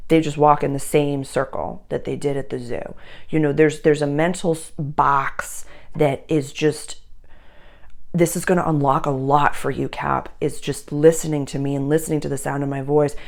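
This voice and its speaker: A woman's voice: low-pitched, steady tone, moderate pace. A woman giving a casual astrology reading, talking straight to her listeners in a chatty, earnest way full of fillers and restarts.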